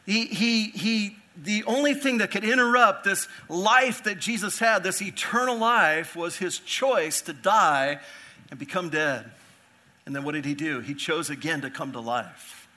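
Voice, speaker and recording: Pastor guy preaching, bright forceful voice, a bit high, keeps asking the room questions. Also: a little slow. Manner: earnest preaching with rhetorical questions; repeats phrases for emphasis. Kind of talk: expository sermon.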